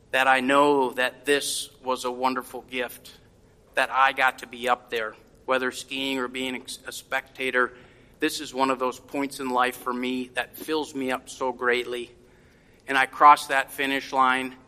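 A middle-aged man telling a reflective personal story to a congregation in a gentle, heartfelt, unhurried way. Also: medium pitch, clean tone, big-room sound.

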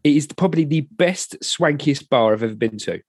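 A man co-hosting a podcast, telling stories in a slangy, animated chat. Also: a little high, a little fast, dry recording, studio quality. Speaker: podcast co-host. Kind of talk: casual chat.

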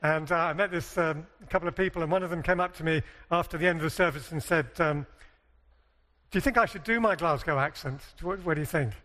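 A man's voice: fairly high pitch, quick pace, sharp tone. A British man speaking at a conference seminar, chatty and jokey, asking the audience questions. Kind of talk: conference talk to a live audience. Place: large hall with a live audience. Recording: long hall reverb.

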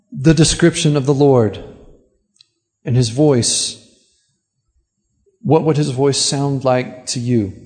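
A pastor delivers an earnest sermon, his man's voice sitting a little higher than most. He often stumbles over and repeats words as he starts a new thought. A long church-hall reverb trails behind every phrase. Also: darkish tone.

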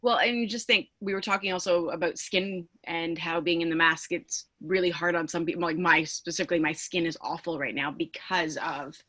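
Teacher lady, bright voice, kinda halting, asks stuff and restarts a lot. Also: fairly low pitch, fairly even intonation. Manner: hesitant, restarts her questions. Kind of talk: casual discussion.

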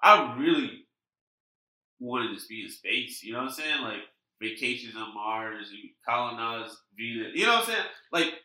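Animated, bright-voiced man in casual chat. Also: medium pitch, moderate pace, reverberant, poor audio. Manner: animated storytelling with voiced quotes. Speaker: podcast co-host.

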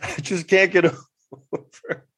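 A man's voice: sits high, little pitch movement, slow, pushed and bright, husky. Laughing, swearing man commenting casually. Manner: laughs constantly, swears, casual filler-heavy talk. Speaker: commentary video host.

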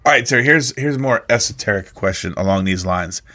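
Male host, bright and sharp-edged voice, dry teasing questions. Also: lowish voice, expressive, brisk. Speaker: podcast host. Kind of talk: casual chat.

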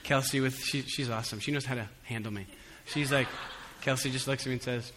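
A man preaching a sermon in a church hall, conversational with humorous asides, swinging between soft reflection and emphatic calls to the congregation. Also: medium pitch, fairly even intonation, fast talker, noisy background. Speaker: pastor. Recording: long hall reverb.

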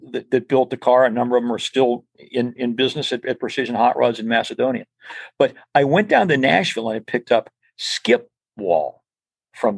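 An older man answers interview questions by telling long, rambling stories, often restarting and repeating words. His voice is gravelly and a little husky. His pitch rises and falls a lot, and the sound is close and dry. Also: dry recording. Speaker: interview guest. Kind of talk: casual storytelling.

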